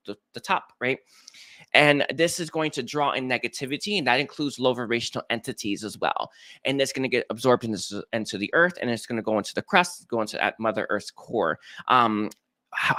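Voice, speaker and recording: A man's voice: mid-range voice, bright, forceful tone, no room sound, clean studio sound. A man giving a live-streamed psychic reading, talking with many fillers and restarts. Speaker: psychic reader.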